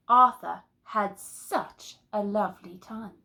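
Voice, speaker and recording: A woman teacher reads a children's story aloud with a lively, expressive voice. She takes her time, unhurried, with a touch of gravel in her tone. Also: mid-range voice. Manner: expressive, asks the listeners questions.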